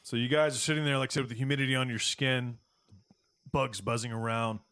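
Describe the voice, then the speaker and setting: A man running a tabletop game as game master, describing scenes casually with halting fillers. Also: mid-range voice, steady tone, fairly bright tone, clean tone, no room sound.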